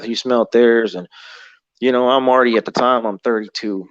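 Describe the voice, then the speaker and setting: A man in his thirties with a mid-range, steady voice tells a rambling, profane story about an encounter, acting out other people's lines at normal speed. He's a guest, and the dry audio sounds dull and muffled.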